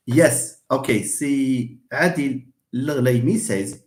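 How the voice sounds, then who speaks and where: A man's voice: on the high side, lively intonation, a little slow, darkish tone, roomy sound. A man teaching English pronunciation in a live online lesson, stressing words and repeating them for emphasis.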